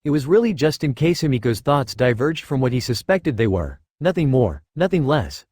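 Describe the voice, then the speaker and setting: A male narrator reads a story aloud in an expressive style, his pitch moving up and down freely. His voice sits in a middle register and is recorded close and dry, with no room echo. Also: moderate pace. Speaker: audiobook narrator. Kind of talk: scripted narration of fan fiction.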